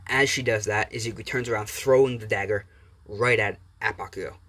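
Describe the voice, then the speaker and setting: A man's voice: on the low side, fairly even intonation, a little fast, bright, forceful tone. A man narrating an improvised fan-fiction story in a rambling, casual way. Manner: rambling, with fillers and restarts.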